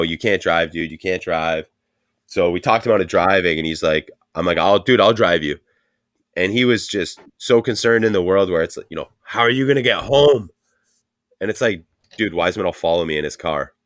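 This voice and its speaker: Guy with a real low voice, swearing his way through a long rambling story on a podcast, dry close sound. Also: fairly bright tone, no echo. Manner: rambling profane storytelling, laughing often. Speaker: podcast co-host. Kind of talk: casual podcast chat.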